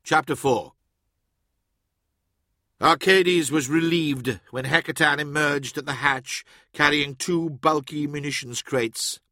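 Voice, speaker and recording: A man reading an audiobook in steady, even scripted narration. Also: a little high, slow, no room sound, studio quality.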